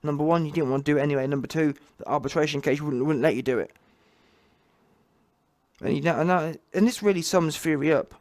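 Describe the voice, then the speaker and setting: A man delivers a heated, mocking rant full of slang. His voice sits a little high, and the recording is dry and close. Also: animated, normal speed, long pauses, a little mellow, no echo. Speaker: online commentator. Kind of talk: ranting reaction commentary.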